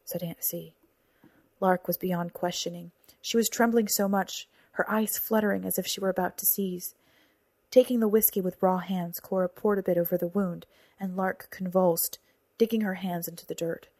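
A woman's voice: on the low side, steady tone, normal speed, darkish tone, dry recording. A woman narrating a novel aloud, whispering and raising her voice for the characters' lines. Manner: acts out dialogue with whispers and raised voices. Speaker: audiobook narrator. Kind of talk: scripted narration.

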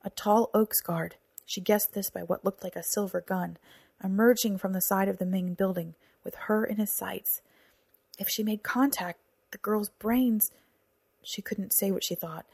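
A woman reads a novel aloud in a breathy, husky voice at a middling pitch. The sound is close and dry, with no room around it. She drops to a whisper or rises to a shout for the characters' lines. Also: measured pace, no room sound. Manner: acts out dialogue with whispers and raised voices. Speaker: audiobook narrator. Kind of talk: scripted narration.

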